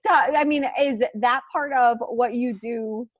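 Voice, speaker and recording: Giggly woman podcast host. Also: fairly high pitch. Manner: giggly, quick to laugh. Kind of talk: casual chat.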